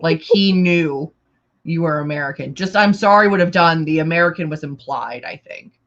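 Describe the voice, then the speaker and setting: A woman hosting a casual chat on a live stream, animated and acting out quotes, her voice a little worn. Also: deep voice, normal speed. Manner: animated storyteller, acts out quotes loudly. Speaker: host. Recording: dull lo-fi stream audio.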